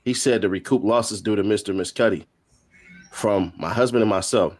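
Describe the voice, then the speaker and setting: A man with a fairly low voice reads courtroom exchanges aloud, line by line. He voices each speaker's lines in turn and breaks off for short joking asides. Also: moderate pace, a little mellow. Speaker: host. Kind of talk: reading court transcript updates.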